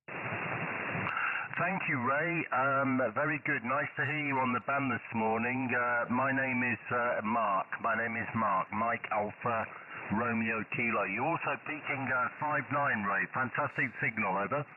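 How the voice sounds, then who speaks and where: A man's voice: mid-range voice, steady tone, unhurried. British man over a crackly radio. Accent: British English. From United Kingdom. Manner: hesitant, many uhs, polite and chatty. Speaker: ham radio operator. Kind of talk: casual radio contact. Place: home station in South Korea. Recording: tinny noisy shortwave radio signal.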